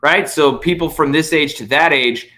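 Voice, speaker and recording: A man, a podcast guest, telling stories in casual, animated chat full of fillers and swearing. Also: a little high, normal speed, slight background noise. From United States.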